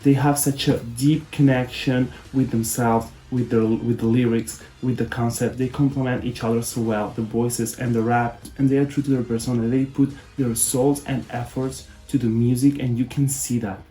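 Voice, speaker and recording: A young man hosting a fan vlog, talking casually in a soft, lower-toned way and sounding deeply emotional. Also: little pitch movement, moderate pace, hardly any pauses. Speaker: fan channel host. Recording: roomy echo with faint music behind.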